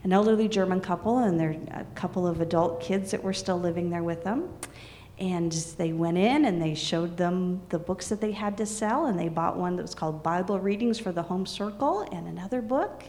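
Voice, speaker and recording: A woman telling a serialized story in an unhurried, soft-spoken way. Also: on the low side, slight background noise.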